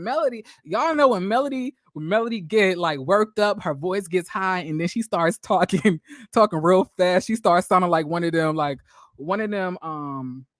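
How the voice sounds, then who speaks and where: A man giving a chatty, animated recap of a reality show to his viewers, acting out the quotes. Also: sits high, dry recording, clean studio sound. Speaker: YouTube commentator.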